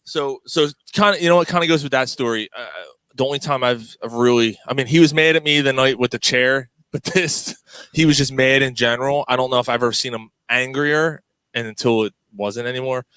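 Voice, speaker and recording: A man's voice: medium pitch, a little fast, clean tone, no room sound. A man telling a rowdy story to friends, cursing and laughing often. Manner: profane, laughing, animated, acts out voices in quotes. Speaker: podcast co-host.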